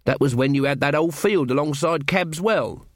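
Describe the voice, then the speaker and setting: A man's voice: fairly high pitch, normal speed, no echo, studio quality, close to an everyday voice. A man voicing Carter, a gossipy, stubborn village carter in a storybook reading. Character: male village carter, gossipy rustic amateur actor.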